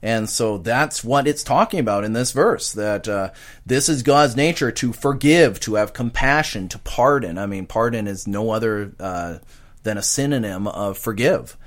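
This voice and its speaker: A man's voice: lowish voice, expressive, moderate pace. A man, a pastor, answering questions on a talk show earnestly, with many hesitations.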